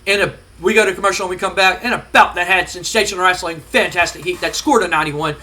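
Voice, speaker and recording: A man's voice: high voice, fast talker, sharp tone. A man casually narrating a wrestling simulation game, rambling with fillers. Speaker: game streamer.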